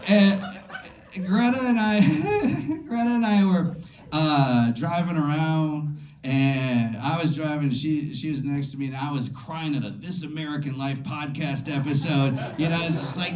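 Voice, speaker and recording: A man doing a stand-up set at a comedy club, rambling, calling out to audience members, and jumping into high silly voices for quotes. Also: lively intonation, moderate pace. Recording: echoey club room. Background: audience laughter.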